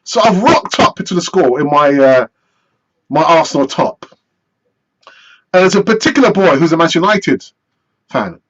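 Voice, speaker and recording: A man hosting a live football fan stream, chatty and animated as he answers viewer messages. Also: on the high side, moderate pace, long pauses, lo-fi sound. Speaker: football fan channel host.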